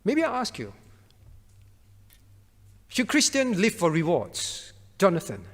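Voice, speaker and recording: A man's voice: a little high, wildly swooping pitch, unhurried, pauses often, big-room sound. A man as pastor teaching a Bible class, quizzing his students by name and hammering home his point through repetition.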